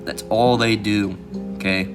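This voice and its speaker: A man giving casual, rambling commentary as a channel host, filling every pause with "all right" and "you know" and mocking others in a raised voice. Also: fairly low pitch, fairly even intonation. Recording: music playing behind the voice.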